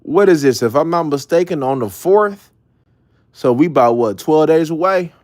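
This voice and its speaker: A man's voice: fairly high pitch, lively intonation, normal speed, a little mellow, dry recording. Laughing man with dry close sound. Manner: laughing, joking slang-heavy banter. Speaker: show host. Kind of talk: casual sports chat.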